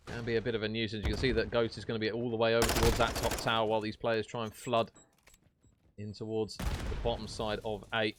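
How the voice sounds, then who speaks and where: A man casting an esports match on stream, chatty and jokey, chatting warmly with his viewers. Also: fairly low pitch, very noisy. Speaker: esports caster. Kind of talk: casual stream commentary reading chat.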